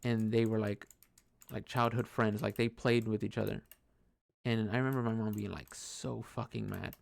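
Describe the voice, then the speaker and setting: A man's voice: lowish voice, fairly even intonation, moderate pace, vocal fry. A man telling a personal story in a rambling, casual way, swearing often and restarting sentences while he plays a computer game. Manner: rambling, profane, many fillers and restarts.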